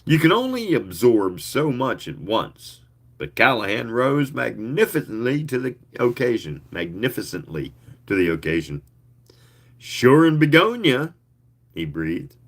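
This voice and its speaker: A man reading a story aloud in an expressive, leisurely way, with occasional asides. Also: lowish voice, normal speed. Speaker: reader.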